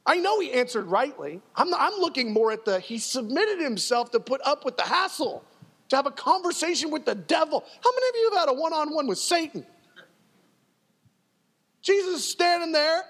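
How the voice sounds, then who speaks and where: A male pastor preaching in an emphatic, conversational style and repeating phrases for effect. His voice is fairly high and swings widely in pitch. The sound carries a long reverb from a church hall. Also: a bit bright. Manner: emphatic and conversational, with frequent repetition. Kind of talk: sermon.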